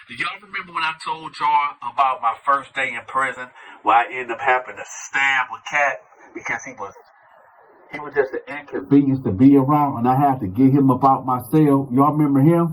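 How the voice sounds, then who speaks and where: A man's voice: medium pitch, slight background noise, rough recording. A man host telling a story casually to his viewers, acting out every voice. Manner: animated, acts out every voice.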